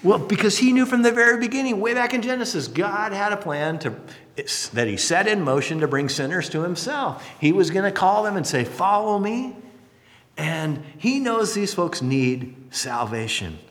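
A man preaching a sermon in a conversational, animated way with playful asides. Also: sits high, normal speed, long reverb tail. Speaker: pastor.

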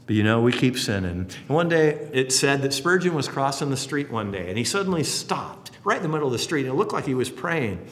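A man preaching with a lively, swinging delivery, his pitch rising and falling as he acts out the characters in his stories. His voice carries a long reverb, as if he is speaking in a large hall. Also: a little hiss or hum. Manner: animated storytelling, acting out voices in quotes. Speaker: pastor. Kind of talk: sermon.

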